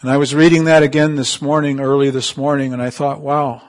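A man preaching a sermon, calling on the congregation for amens and swinging from emphatic peaks to soft, quiet asides. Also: mid-range voice, little pitch movement, a little fast. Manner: call-and-response, rising to emphatic peaks then dropping soft.

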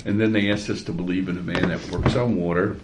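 A man's voice: low-pitched, fairly even intonation, fast. A man in a Bible study group, rambling in a wry, conversational way. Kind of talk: casual group discussion. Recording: noisy amateur recording.

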